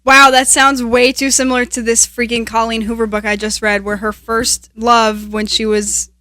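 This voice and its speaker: A young woman co-hosting a podcast, telling stories in casual chat, animated and laughing often. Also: on the high side, moderate pace. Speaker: podcast co-host.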